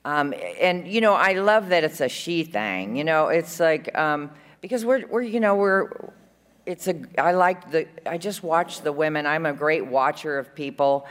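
A woman's voice: low voice, expressive, moderate pace, in a large hall. A woman speaking at a women's conference, chatty and rambling, full of fillers and fond asides. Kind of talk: recovery share at a conference. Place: conference hall.

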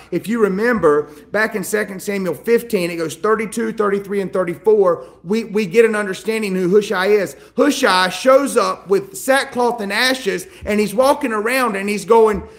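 High-voiced man preaching a lively sermon. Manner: animated, acts out biblical characters in quoted dialogue. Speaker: pastor.

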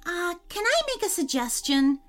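A polite, thoughtful young boy with a raised, lively voice, as a woman reads him in a storybook. He speaks courteously and helpfully, with faint music underneath. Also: high-pitched, measured pace, voice pushed up, exaggerated voice.

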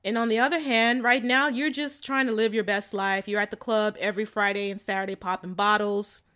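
A woman's voice: mid-range voice, steady tone, brisk, pushed and bright. A woman chatting casually to her viewers about relationships, candid and slangy, laughing often and filling her talk with "like" and "you know.". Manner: frank and slangy. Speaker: vlogger giving relationship advice. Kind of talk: casual chat to camera.

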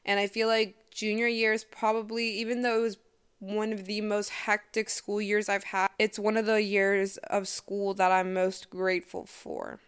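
Twenties woman hosting a personal podcast. Smooth, mid-pitched voice. Casual and heartfelt, full of "like". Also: normal speed. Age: 20s. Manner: chatty and emotional, lots of "like" and "I mean". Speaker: podcast host.

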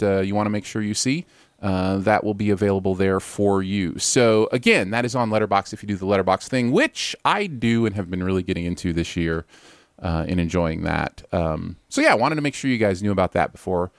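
A man's voice: on the low side, no room sound, studio quality. A man hosting a casual pop-culture podcast, chatty and loose, chuckling between lines and using plenty of fillers. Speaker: podcast host.

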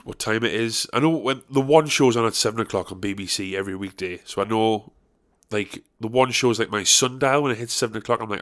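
A man's voice: lowish voice, a little fast, fairly bright tone. A young man hosting a solo podcast, rambling casually with crude, self-mocking jokes. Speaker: podcast host.

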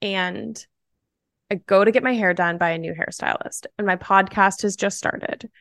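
Young adult woman, podcast guest; chatty, animated storyteller leaning on "like", mid-pitched voice, close dry sound. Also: moderate pace, gravelly, no room sound. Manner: animated, chatty, full of "like" fillers. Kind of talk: casual storytelling.

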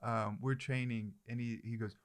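A man's voice: mid-range voice, fairly even intonation, moderate pace. A man co-hosting a podcast, chatting in an easygoing way and laughing often. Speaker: podcast co-host. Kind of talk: casual chat.

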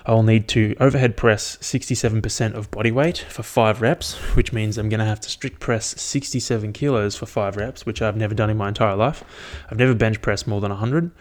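A man's voice: lowish voice, steady tone, fairly quick, few pauses. A young man casually recapping his training, rambling and swearing freely in an upbeat way. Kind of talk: casual chat.

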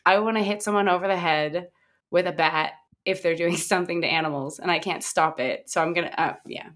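A woman from the United States chats as a podcast guest, her voice sitting on the lower side. She tells her stories with animation and breaks into laughter often. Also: steady tone, brisk, a bit bright. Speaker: guest, activist. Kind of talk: casual podcast interview.

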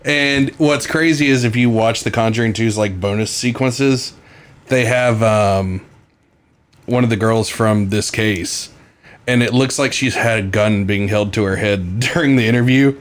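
A man's voice: lowish voice, measured pace. A young man hosting a casual comedy podcast, joking and teasing his co-hosts with plenty of swearing. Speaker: podcast host.

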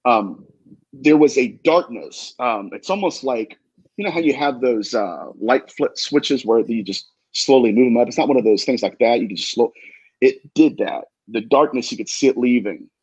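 Man, demonologist guest, husky voice, emphatic storytelling, dry room. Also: medium pitch, lively intonation, moderate pace, a little mellow, no echo, lo-fi sound. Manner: earnest, emphatic, repeats himself. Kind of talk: animated storytelling.

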